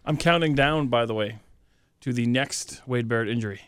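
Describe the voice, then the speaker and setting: A man's voice: medium pitch, normal speed, fairly bright tone, smooth. A man co-hosting a casual wrestling talk show in a small studio, self-deprecating as he tells a story. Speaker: podcast co-host.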